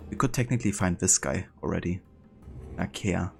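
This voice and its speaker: A man's voice: sits low, normal speed, gravelly, over music. A man streaming a video game live, chatting casually and thinking aloud as he plays. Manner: relaxed, thinking aloud with fillers.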